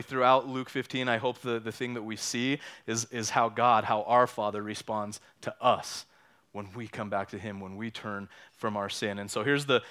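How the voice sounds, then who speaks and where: A man's voice: mid-range voice, pushed and bright, smooth. A man in his thirties or forties preaching a sermon in a conversational way, often repeating words and asking "right?". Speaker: pastor. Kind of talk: sermon with personal story.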